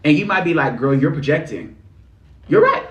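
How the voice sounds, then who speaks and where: A man with a fairly high voice gives livestream tarot readings, sassy and full of slang. His delivery is animated and playful. The sound is echoey, as if in a bare room. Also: brisk, muffled recording, slight background noise. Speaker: spiritual reader.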